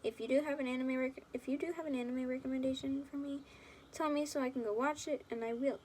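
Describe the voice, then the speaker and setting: A woman's voice: high-pitched, fairly even intonation, quick pace, darkish tone, a little hiss or hum. Rambling giggly young woman chatting. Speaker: fan video creator. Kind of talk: rambling casual chat to viewers.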